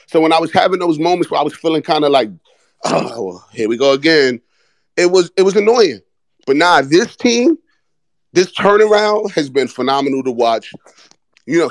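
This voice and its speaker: A man's voice: fairly high pitch, dry recording. Hyped young New man ranting about basketball. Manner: animated, profane, hyped fan rant. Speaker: podcast host. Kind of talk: casual sports talk.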